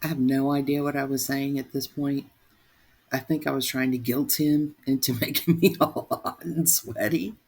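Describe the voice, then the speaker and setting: A middle-aged woman with a low voice talks over her camping footage. She is chatty and self-mocking, and she laughs at herself as she goes. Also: steady tone, moderate pace, a little mellow, breathy edge, no echo. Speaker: vlog host. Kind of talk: casual vlog voice-over narration.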